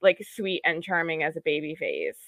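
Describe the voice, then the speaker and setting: A woman's voice: deep voice, big pitch swings, normal speed, a bit bright, dry recording. A young woman co-hosting a podcast, talking casually and emphatically. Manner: emphatic, lots of "like" fillers. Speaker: podcast co-host. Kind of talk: casual chat.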